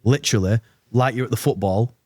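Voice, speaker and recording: A man's voice: mid-range voice, brisk, mellow, no room sound, studio quality. A British man, an army veteran, telling a war story bluntly with swearing and quoted dialogue in a casual podcast interview.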